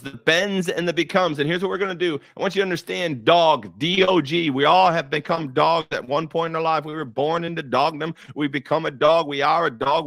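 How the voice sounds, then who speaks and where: A middle-aged man delivers a faith-based motivational talk in a fairly high voice. He hammers his points home through repetition, with the rolling cadence of a preacher. The sound is close and dry, with no room around it. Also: vocal fry, a bit bright, no room sound. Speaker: motivational speaker.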